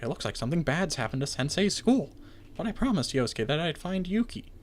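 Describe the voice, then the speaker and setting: A man's voice: a little high, big pitch swings, a little fast. A man hosting a game playthrough, reading the story text aloud and breaking off with dry, joking asides. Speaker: let's play host.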